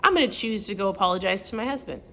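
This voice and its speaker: Animated woman telling a story at home. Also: rapid-fire, slight background noise. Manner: animated storytelling, acts out quotes with big pitch jumps; laughs often, self-deprecating. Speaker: lifestyle vlogger. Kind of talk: casual motivational talk to camera.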